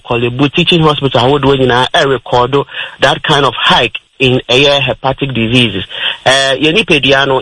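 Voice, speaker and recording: Bright Ghanaian man explaining health on radio. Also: medium pitch, no echo, poor audio. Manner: explains step by step, mixing in English terms. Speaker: health talk radio presenter. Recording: radio broadcast.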